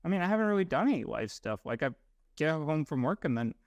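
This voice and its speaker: A man's voice: a little high, big pitch swings, fast, dry recording, highs cut off. A young man co-hosting a podcast, chatting casually in an offhand, laid-back way. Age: young adult. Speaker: podcast co-host. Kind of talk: casual chat.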